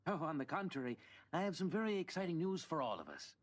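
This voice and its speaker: An actor playing a school psychologist in a cartoon, with an eager, lively delivery. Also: male voice, a little high, fast talker. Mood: excited. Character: upbeat male school psychologist.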